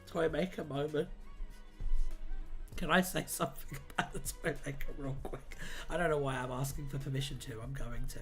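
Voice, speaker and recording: A man hosting a livestream, chatting casually and reading aloud, irreverent and quick to swear and laugh. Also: fairly high pitch, steady tone, a bit bright, soft background music. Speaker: livestream host.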